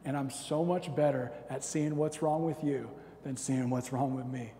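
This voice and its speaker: A man's voice: medium pitch, steady tone, normal speed, dark tone, long reverb tail, a little hiss or hum. A man in his thirties, a pastor giving a sermon, talking in a conversational, self-deprecating way and acting out little stories.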